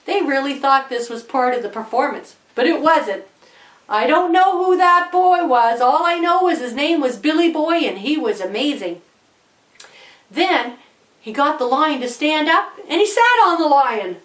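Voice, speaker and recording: A woman telling a children's story in an animated, dramatic way. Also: high voice, unhurried, roomy sound. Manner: animated, dramatic, gasping with wonder. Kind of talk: storybook narration.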